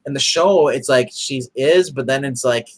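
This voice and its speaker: Male co-host, casual review chat, excitable, rambling, average pitch. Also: normal speed. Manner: excitable, rambling, full of restarts.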